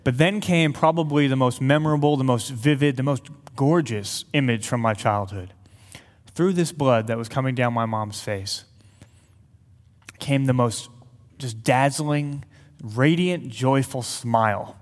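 A man with a medium-pitched voice gives an earnest, unhurried sermon to an audience, telling a personal story with light humorous asides. Long hall reverb surrounds his voice.

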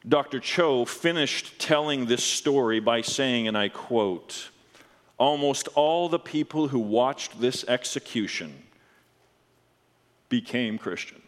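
A man preaching a sermon, telling a story earnestly and dropping low and slow at solemn moments. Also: animated, long reverb tail. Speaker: pastor.

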